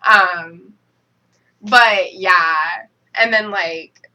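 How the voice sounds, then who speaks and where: A woman co-hosting a casual review chat, reacting with quick agreements and frequent laughter. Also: mid-range voice, sharp tone, low-quality recording. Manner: laughs often, quick backchannels. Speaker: podcast co-host.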